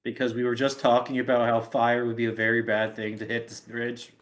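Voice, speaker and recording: A man's voice: mid-range voice, completely flat delivery, brisk, fairly bright tone. A man playing in a tabletop game, often questioning and second-guessing the rules. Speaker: player. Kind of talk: casual tabletop play.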